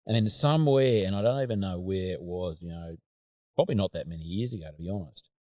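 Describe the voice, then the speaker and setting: A very deep-voiced Australian man hosts a casual chat. He rambles and hesitates, leaning on fillers as he works out his thoughts. The recording is dry and close. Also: quick pace, darkish tone, no echo.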